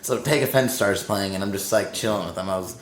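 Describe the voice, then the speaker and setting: A man on a podcast telling a wild tour story in a casual, animated way, swearing freely and acting out what others said. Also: on the low side, fast, a little hiss or hum. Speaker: touring crew guest. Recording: roomy with faint ambience.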